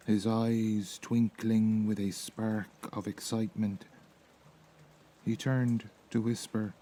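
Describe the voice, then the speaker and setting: A man with an Irish accent reading a sleep story in a soft, slow, soothing voice. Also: fairly low pitch, slight background noise, low-quality recording. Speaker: narrator.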